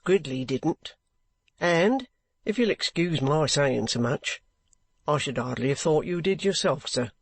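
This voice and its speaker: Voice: mid-range voice, lively intonation, unhurried, no room sound, voice pushed down. A reader voicing a bluff former soldier who is under arrest and speaks plainly, politely and stubbornly. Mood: firm.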